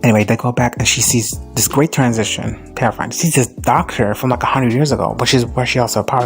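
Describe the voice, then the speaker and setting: Male recap vlogger, loose and profane, medium voice over soft background music. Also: steady tone, quick pace, vocal fry, hardly any pauses. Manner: profane, rambling, slips into high-pitched quoted voices. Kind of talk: casual crack recap.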